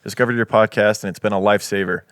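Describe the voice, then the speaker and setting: Male co-host, low and smooth, casual review reader, dry studio sound. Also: fairly even intonation, racing, a bit bright, no room sound. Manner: easygoing, reads reviews aloud, swears casually. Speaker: podcast co-host. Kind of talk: casual chat reading listener reviews.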